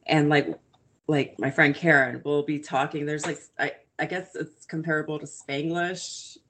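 A woman's voice: sits low, steady tone, measured pace, a bit bright, slight background noise. A woman in her thirties, co-hosting a podcast, chatting and telling stories with frequent laughter. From grew up in Italy in a military family. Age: 30s. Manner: chatty, laughs often, storytelling. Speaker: podcast co-host. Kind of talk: casual chat.

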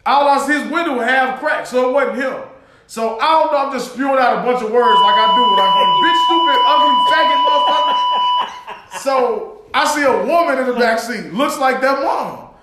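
A man co-hosting a podcast, telling a story in casual chat, animated and profane, acting out quotes with shouted outbursts. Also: extremely high pitch, brisk, roomy sound, heavy background noise. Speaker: podcast co-host.

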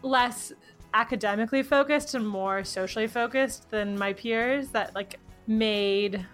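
A woman's voice: fairly high pitch, measured pace, a bit bright, faint music behind. A young woman with a Southern US accent, chatting casually and rambling with lots of "like.". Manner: rambling, heavy use of "like". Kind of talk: casual chat.

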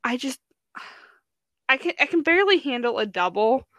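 A young woman with a slightly high voice, chatting casually and full of fillers and restarts. The sound is close and dry, with no room around her. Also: sing-song, normal speed, a bit bright, no room sound, highs cut off. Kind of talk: casual chat.

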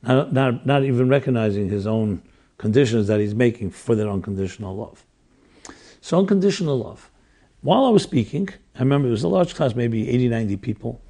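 Gravelly older man telling a story. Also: mid-range voice, animated, fairly quick, warm tone. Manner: earnest, reflective, restarts mid-sentence. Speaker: rabbi teaching classes. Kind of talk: storytelling lecture.

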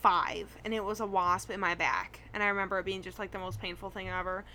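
A woman co-hosting a podcast in casual chat, telling stories with animated swings and quick "right"s of agreement. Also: medium pitch, slight background noise. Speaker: podcast co-host.

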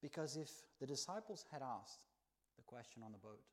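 Animated preacher man telling a story. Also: medium pitch, normal speed. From not from the country where he preaches. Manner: animated storytelling, swinging between soft hushed lines and loud exclaims. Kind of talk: sermon.

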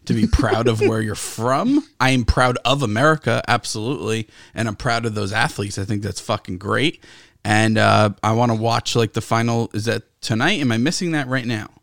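A man's voice: medium pitch, normal speed, gravelly, fairly bright tone, dry recording, studio quality. A man co-hosting a casual podcast, talking animatedly with heavy profanity and frequent laughter. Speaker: podcast co-host. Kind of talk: casual chat.

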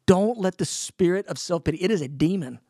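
A man's voice: sits high, animated, brisk, warm tone, dry recording, clean studio sound. A man co-hosting a casual Bible discussion. He exhorts listeners earnestly and retells scripture in everyday speech.

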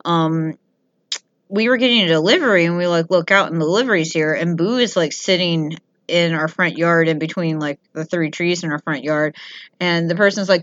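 A woman's voice: lowish voice, fairly even intonation, normal speed, no room sound. A young woman in casual chat, telling rambling anecdotes full of fillers and acting out what people said. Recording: dry, slightly muffled audio.

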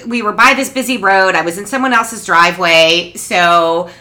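A woman co-hosting a podcast tells a story in casual chat, speaking at medium pitch and normal speed. She's animated, acting out the quotes and laughing through the telling.

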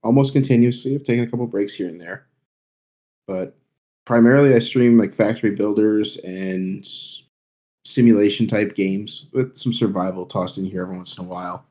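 A man's voice: fairly low pitch, normal speed, mellow. A man talking plainly as a guest on a casual streaming podcast.

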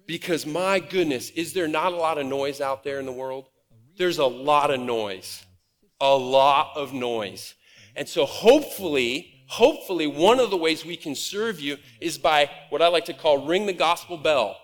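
A man from Nebraska preaching a conversational, animated sermon from a church stage. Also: on the high side, moderate pace. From Nebraska, USA. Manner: conversational and animated, acts out quoted voices. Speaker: pastor. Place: church auditorium. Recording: reverberant hall.

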